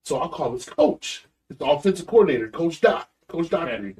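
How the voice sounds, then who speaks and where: A man's voice: on the high side, sing-song, a little fast, darkish tone, distant mic. A middle-aged man, a guest on a talk show, telling a story with emphasis and acting out every voice in it. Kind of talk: animated storytelling in casual chat. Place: podcast studio.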